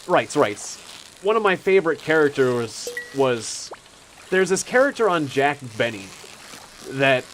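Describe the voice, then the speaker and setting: A man's voice: medium pitch, a little hiss or hum, poor audio. A young man streaming a game, chatting casually, rambling and laughing often. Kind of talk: casual chat while playing a game.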